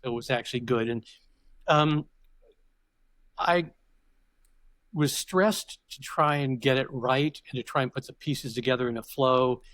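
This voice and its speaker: A man's voice: mid-range voice, unhurried, long pauses, fairly bright tone, no room sound. An older man, a podcast guest, telling stories reflectively in conversation, often restarting his sentences. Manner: reflective and digressive, with frequent restarts. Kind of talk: conversational interview storytelling.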